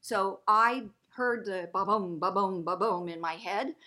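A middle-aged woman, a guest, telling a story in a lively way and acting out the voices of the people she quotes. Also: a little slow. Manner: lively, acts out quoted voices with big pitch jumps. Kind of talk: animated storytelling.

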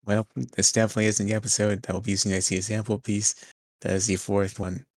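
A young man with a low voice walks through a wrestling recap, dry and deadpan as he keeps the chat on track. His voice sits close and dry, with no room sound. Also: fast, no room sound. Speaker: podcast co-host.

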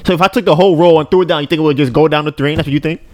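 A man co-hosting a casual podcast, telling a joking, animated story about home life. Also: on the high side, rapid-fire. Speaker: podcast co-host.

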